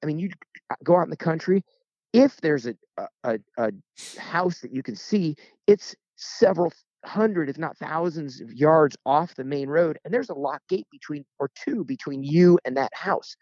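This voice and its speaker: A man, a guest turkey hunter, telling stories in a casual interview with lively, joking delivery. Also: fairly high pitch, moderate pace, no echo, highs cut off. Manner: lively, joking, acts out voices in anecdotes.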